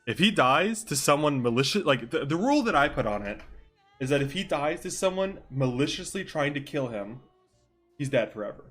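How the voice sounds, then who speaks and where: A man's voice: fairly high pitch, very animated, brisk, a bit bright, faint music behind. A young adult man streaming live, chatting casually over a game in a loose, joking way and swearing freely. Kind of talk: casual live-stream chat during game role-play.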